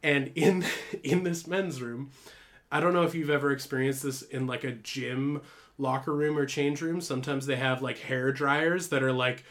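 A man's voice: mid-range voice, steady tone, normal speed, a bit bright. A young man co-hosting a podcast, telling a story in a rambling, casual way with swearing and laughter. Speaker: podcast co-host.

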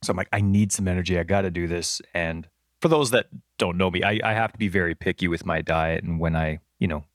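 Low-ish voiced guy on a podcast, telling a story and doing the voices, dry sound. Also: fast, dry recording. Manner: animated storyteller, acts out quotes. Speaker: podcast co-host. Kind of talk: casual chat.

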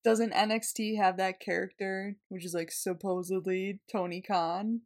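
A woman's voice: medium pitch, fairly even intonation, unhurried, darkish tone. A woman co-hosting a casual podcast, chatting and laughing easily. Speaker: podcast co-host. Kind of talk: casual chat.

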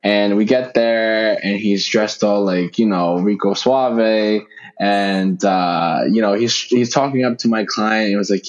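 A young man telling a story in casual chat, relaxed and full of "you know" fillers. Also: lowish voice, a little slow. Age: young adult. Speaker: podcast co-host. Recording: dull lo-fi sound.

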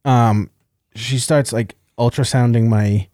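A man's voice: medium pitch, fairly even intonation, slow, warm tone, no echo, clean studio sound. Laughing man telling a podcast story. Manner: storytelling, laughs often, crude. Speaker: podcast host. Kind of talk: casual podcast banter.

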